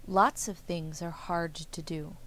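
A woman's voice: fairly low pitch, slow, a little hiss or hum, poor audio. Woman reading as a patient, kindly storybook father. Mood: gentle. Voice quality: calm, instructive. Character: patient, kindly father who prints a newspaper.

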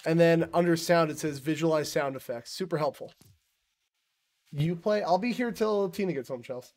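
A man's voice: fairly high pitch, moderate pace. A man streaming a game, chatting casually with friends, swearing freely and teasing them. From United States. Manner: loud swearing exclamations, playful teasing. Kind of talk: casual gaming chat.

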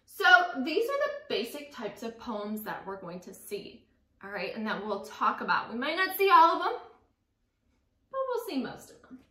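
A young woman teacher gives a lesson in an upbeat, encouraging way, often checking in with her students. Her voice is bright and sits a little high. The sound carries an echo from a hard-walled classroom. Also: huge pitch swings, normal speed. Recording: echoey room.

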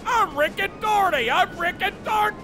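A man hosting a role-play game session, loud and profane, breaking into excited shouting. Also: very high voice, normal speed, over music.

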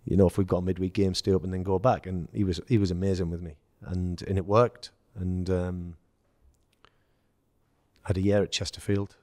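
An English man, a former footballer, telling lively anecdotes in casual chat and acting out the quoted dialogue. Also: low-pitched, moderate pace, no room sound, clean studio sound. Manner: storytelling, acts out quoted dialogue, laughs. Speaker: former footballer, podcast guest.

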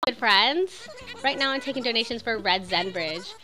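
A young woman chatting excitedly while streaming a video game, full of "like" and quick reactions. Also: on the high side. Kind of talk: casual game streaming chat.

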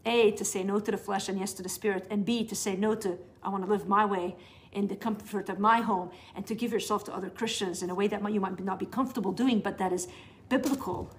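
A woman's voice: mid-range voice, fairly even intonation, fast talker. A middle-aged woman giving a teaching session to new believers, talking in an earnest, conversational way with frequent restarts. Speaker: Bible teacher.

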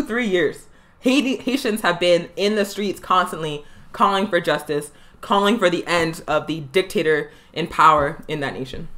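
A woman's voice: mid-range voice, pushed and bright. A young woman hosting a live political talk show, fiery and emphatic, hammering points home by repeating phrases. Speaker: political education show host.

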